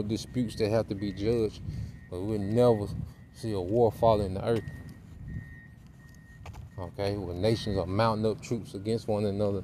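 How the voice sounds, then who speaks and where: Low-voiced man preaching over street noise. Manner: punctuates with tag questions and "man"; reads verses aloud more slowly. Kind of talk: informal sermon with scripture reading.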